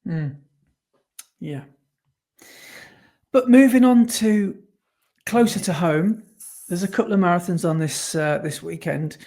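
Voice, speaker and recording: A man co-hosts a casual podcast in a chatty, rambling way, frequently correcting himself mid-sentence. His voice is high and dark in tone, and he speaks slowly with many pauses.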